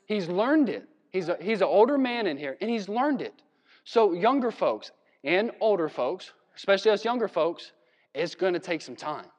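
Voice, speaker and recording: A man from Virginia preaching a sermon in a conversational, animated way, with laughs and asides. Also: high voice, normal speed, big-room sound. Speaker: pastor. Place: church hall.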